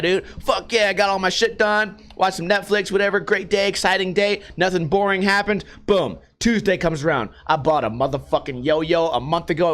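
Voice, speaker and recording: A man telling stories about his week in a casual, profane vlog monologue, animated and swearing often. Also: high voice. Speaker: vlogger.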